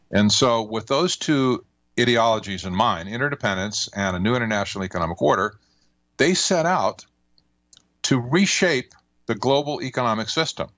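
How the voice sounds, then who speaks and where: An older man talking as a guest author in a radio interview, measured and emphatic, with folksy turns of phrase. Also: on the low side, a bit bright, no echo.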